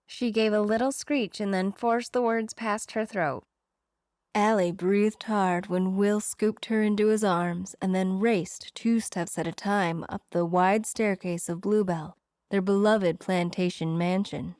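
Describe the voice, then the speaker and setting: A woman reading a romance novel aloud in steady, expressive storybook narration. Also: medium pitch, unhurried, no room sound, studio quality. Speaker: audiobook narrator.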